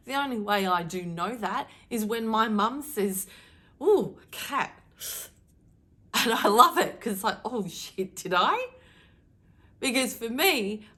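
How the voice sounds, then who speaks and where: A middle-aged woman delivering a channeled daily message to her viewers, emphatic and animated, deliberately shifting her tone to stir emotion. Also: fairly low pitch. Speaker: spiritual card reader.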